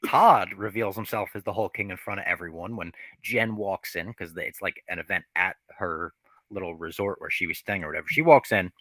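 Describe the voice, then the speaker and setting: A man's voice: sits low, fairly quick, fairly bright tone, dry recording. A man co-hosting a podcast, animatedly retelling a TV episode with casual profanity. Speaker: podcast co-host.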